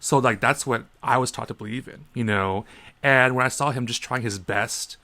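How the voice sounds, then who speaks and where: A man in his thirties co-hosting a casual podcast, an animated storyteller who acts out the people in his stories. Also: medium pitch, normal speed. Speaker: podcast co-host.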